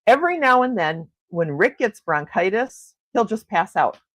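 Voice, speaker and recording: Woman, middle-aged, livestream host, casual chat, gushing, very lively pitch. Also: normal speed, dry recording. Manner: gushing, animated, laughs often. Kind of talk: casual chat reading viewer comments.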